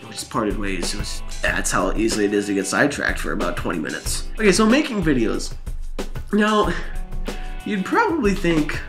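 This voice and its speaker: A man telling rambling gaming stories in a vlog, animated and laughing, his voice jumping up high in the exciting parts, tired. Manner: animated, laughing storytelling with big pitch swings. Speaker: vlogger.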